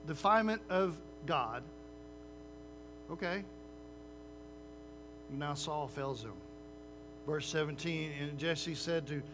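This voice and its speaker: High bright-voiced male preacher. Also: a little hiss or hum. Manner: conversational preaching with frequent "right?" asides; lively, uses sports comparisons. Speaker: pastor. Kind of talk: sermon.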